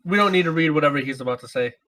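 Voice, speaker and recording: Lively man, bright voice, higher pitch, podcast co-host. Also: slight background noise, rough recording. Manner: animated, quick to laugh. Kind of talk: casual gaming podcast chat.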